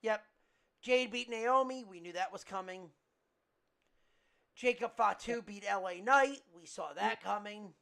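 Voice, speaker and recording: Gravelly, bright-toned podcast co-host. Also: medium pitch, a little slow, long pauses. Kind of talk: casual wrestling chat.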